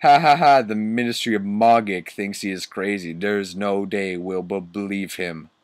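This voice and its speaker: A man's voice: fairly low pitch, steady tone, normal speed, dry recording, studio quality, close to an everyday voice. A man voicing a mean male teacher who mocks others, with a put-on laugh. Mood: sneering.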